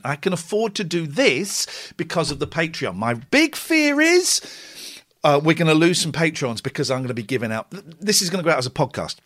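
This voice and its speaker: A man's voice: a little high, a bit bright. A man in his forties hosting a late-night radio show alone from home, chatty, rambling and self-deprecating. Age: 40s. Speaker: radio host. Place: home, cold room.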